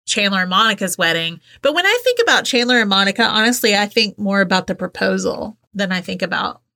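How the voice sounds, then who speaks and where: Woman cohost gushing about tv stuff, bright crisp voice, casual chat. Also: mid-range voice, fast talker. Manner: enthusiastic, animated storytelling. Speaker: podcast co-host.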